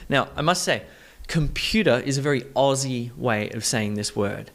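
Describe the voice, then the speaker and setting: A man teaching an English pronunciation lesson, explaining directly to learners and repeating words slowly to model syllable stress. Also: mid-range voice, lively intonation, fairly bright tone.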